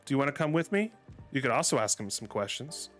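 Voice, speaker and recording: A man voicing a sassy young woman out clubbing, in a high, gushing voice. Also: sing-song, fast, a bit bright, soft background music.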